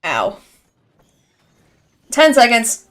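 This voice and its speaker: An excitable young woman calls a competitive match live. Her voice sits a little high, and she chats freely between plays as she reacts to each attack. She sounds close on a headset mic. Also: very slow. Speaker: esports caster. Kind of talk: live game commentary.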